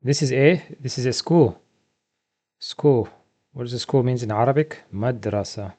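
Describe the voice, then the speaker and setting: A man runs a beginner vocabulary lesson from slides, with a voice of middling pitch. He asks how to say each word, answers himself, and repeats the answer slowly for the learners. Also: a little mellow. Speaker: Arabic teacher.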